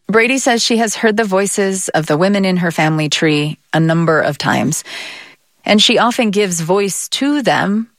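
A woman hosting the piece, asking questions and reading scripted narration in a measured way. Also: medium pitch, expressive, dry recording, clean studio sound. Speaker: interviewer and program narrator.

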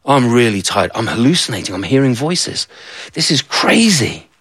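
A man's voice: mid-range voice, very animated, normal speed, fairly bright tone, breathy edge, no echo. Weary young girl in a spoken folktale, muttering to herself, played by the male narrator, dry recording. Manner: tired, self-doubting muttering.

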